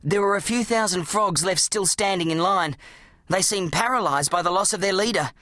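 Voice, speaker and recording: An audiobook narrator, telling a children's adventure story in an animated, dramatic way. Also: mid-range voice, normal speed, no room sound, clean studio sound. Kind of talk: scripted narration of a children's book.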